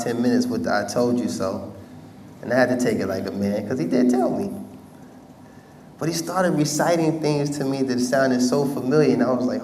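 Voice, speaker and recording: A man's voice: mid-range voice, darkish tone. Man telling his story from a distance. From United States. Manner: casual street slang, conversational, repeats for emphasis. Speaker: former rapper telling his life story. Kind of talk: storytelling talk to an audience. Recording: distant mic with faint background noise.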